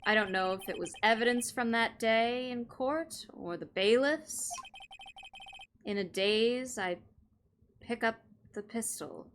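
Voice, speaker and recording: A woman reading a hushed, somber man's recollection. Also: on the high side, takes it slowly, slight background noise. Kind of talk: first-person game narration.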